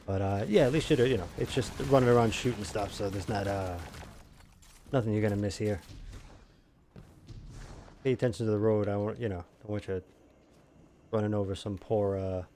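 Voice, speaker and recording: A man's voice: on the low side, steady tone, moderate pace, long pauses, dark tone, a little hiss or hum. A man streaming a video game, chatting casually with viewers, self-mocking and rambling with lots of fillers. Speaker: gaming streamer. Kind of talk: casual live-stream chat while gaming.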